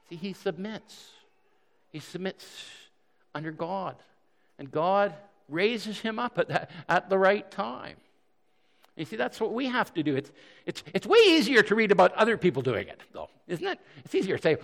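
A man delivers a sermon with a high, lively voice that swoops up and down as he preaches. He talks in a conversational, animated way, restarting phrases and adding self-deprecating asides. His voice rings out with a long hall reverb. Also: moderate pace, creaky. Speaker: pastor.

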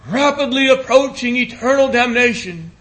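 A man preaching a sermon in an earnest, pleading cadence, repeating phrases and slowing into a hushed voice on scripture. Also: extremely high pitch, lively intonation.

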